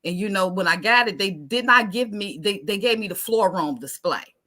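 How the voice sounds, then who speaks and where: A woman giving an animated testimony, acting out the voices in her story. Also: medium pitch, normal speed. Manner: expressive, acts out dialogue, Southern American speech patterns.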